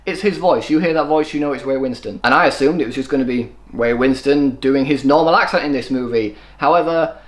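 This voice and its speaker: A man giving an opinionated solo film review, running his thoughts together without pause. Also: mid-range voice. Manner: opinionated, quick run-on delivery. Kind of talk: solo movie review commentary.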